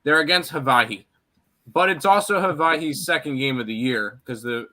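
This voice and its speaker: A man's voice: fairly high pitch, moderate pace, bright, forceful tone. A man giving sports betting picks in casual chat, blunt, with frequent fillers.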